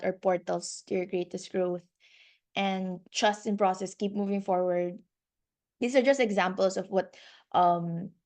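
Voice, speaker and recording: A woman life coach leading a group video call, chatty and bubbly, laughing often as she gives instructions. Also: mid-range voice.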